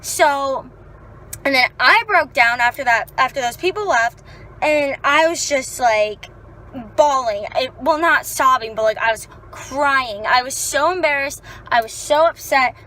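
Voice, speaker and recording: A young woman vlogging casually, chatty and animated, swearing freely as she tells stories. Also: high-pitched, a little slow, rough recording. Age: young adult. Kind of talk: casual vlog chat.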